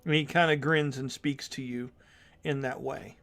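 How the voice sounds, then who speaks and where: A man's voice: mid-range voice, steady tone, moderate pace, gravelly, a bit bright. A man narrating as game master in a tabletop game, casual, thinking aloud with fillers.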